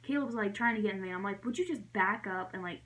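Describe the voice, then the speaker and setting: A woman's voice: medium pitch, fast talker, a bit bright, rough recording. A young adult woman telling a storytime vlog in a chatty way, full of "like" fillers, her voice jumping up when she acts out her own reactions. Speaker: vlogger.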